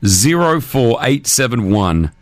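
Male call-in host, casual and chatty, mid-pitched, dry close mic. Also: very animated, takes it slowly, no echo. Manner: chatty, loose, filler-heavy. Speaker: radio host.

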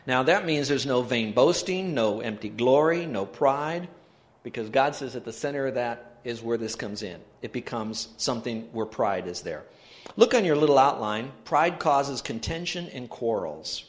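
A pastor giving an emphatic sermon, leading his congregation in reading aloud together. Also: medium pitch. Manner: emphatic preaching, leads the congregation in call-and-response reading. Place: church sanctuary.

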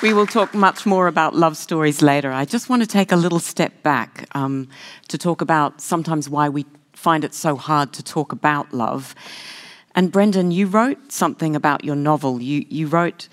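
A host asking measured, inquisitive interview questions. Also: mid-range voice.

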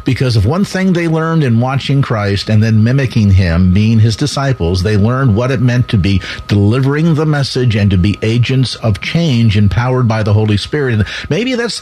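A man's voice: mid-range voice, expressive, moderate pace, few pauses, darkish tone. A man hosting a radio talk show, speaking in a reflective, articulate way with some stammering. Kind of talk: radio interview.

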